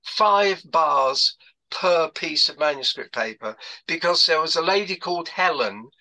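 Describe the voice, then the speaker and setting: A bright, fairly high-voiced older man recounts his working life over a video call. He wanders through his stories, restarting sentences and filling gaps with ums and uhs. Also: expressive, measured pace, low-quality recording. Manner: rambling storyteller with many fillers and restarts. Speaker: guest speaker. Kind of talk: anecdotal talk on a video call.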